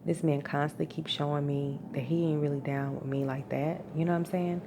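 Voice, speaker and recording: Woman, low gravelly voice, exasperated venting rant, noisy home recording. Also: fairly even intonation, fairly quick. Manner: venting, exasperated, profane, rising to outbursts. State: tired. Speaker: vlogger venting. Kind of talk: emotional personal rant.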